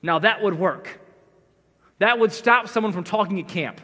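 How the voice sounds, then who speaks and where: High-voiced pastor preaching in a reverberant church. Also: male voice, normal speed, bright, forceful tone. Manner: conversational, self-deprecating storytelling. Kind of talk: sermon. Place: church sanctuary. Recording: long church hall reverb.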